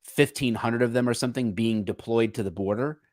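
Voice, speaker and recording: With a medium pitch, a brisk pace and a slightly mellow quality, a man co-hosts a podcast in clean studio sound without room noise. He discusses a political issue in a casual, earnest manner, restarting sentences as he gropes for words.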